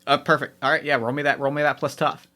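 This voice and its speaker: A man narrating a tabletop game as game master, animated, often repeating himself mid-sentence. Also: medium pitch, fast, noisy background.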